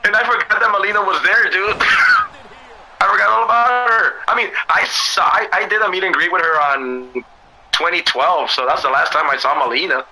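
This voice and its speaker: A man with a hoarse voice in loose, laughing casual chat as co-host, swearing freely. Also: high voice, a little fast, bright, forceful tone, poor audio.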